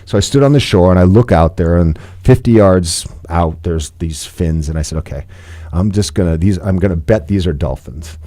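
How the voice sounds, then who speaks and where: A man in his fifties telling a personal story as a podcast guest, playful and animated, laughing often. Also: low-pitched, moderate pace, no room sound, clean studio sound. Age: 50s.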